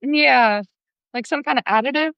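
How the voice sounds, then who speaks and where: A woman's voice: high voice, normal speed, gravelly, a bit bright, smooth, no echo, lo-fi sound. A woman chatting as a guest on a live stream, speaking in a hesitant, questioning way. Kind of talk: casual chat.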